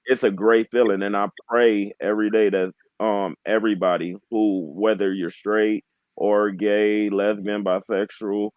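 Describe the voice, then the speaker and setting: A man in his twenties speaking as a guest on a candid panel. He talks in an earnest, heartfelt way, often halting and restarting his sentences. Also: lowish voice, level tone, a little mellow, dry recording, rough recording. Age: 20s. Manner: heartfelt, emotionally open.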